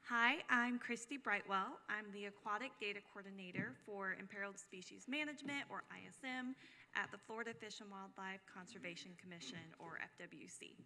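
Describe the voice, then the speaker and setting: A woman's voice: medium pitch, a little fast, bright, forceful tone, slight background noise. A woman presenting a course in a formal, scripted way. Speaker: presenter, wildlife data coordinator. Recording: long hall reverb.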